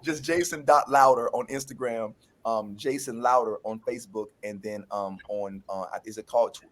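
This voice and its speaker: A man being interviewed as a guest actor, telling a story excitedly and repeating his words. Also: mid-range voice, normal speed. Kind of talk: casual interview.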